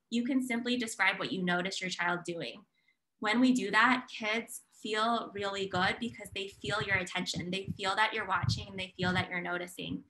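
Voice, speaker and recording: A woman presenting a parenting webinar over a video call, slowing down to model example phrases for parents. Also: mid-range voice, low-quality recording. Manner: warm coaching tone, models example phrases slowly. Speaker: child psychologist presenter.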